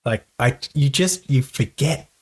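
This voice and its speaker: A man's voice: medium pitch, a little slow, husky. A man co-hosting a casual film-review podcast, chatty, laughing often and restarting his sentences. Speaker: podcast co-host.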